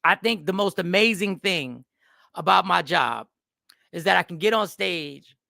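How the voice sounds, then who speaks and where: A man's voice: high voice, measured pace, gravelly, dry recording, clean studio sound. A comedian hosting a casual live stream, greeting his viewers in slang and acting out both sides of a customer argument. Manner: animated, acts out both sides of customer exchanges.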